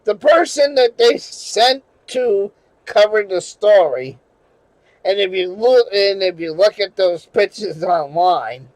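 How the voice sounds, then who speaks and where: A man's voice: high voice, expressive, slow pace, no echo, poor audio. A man from New England telling a personal story in a rambling way, with restarts and swearing. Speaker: channel host. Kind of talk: casual storytelling monologue.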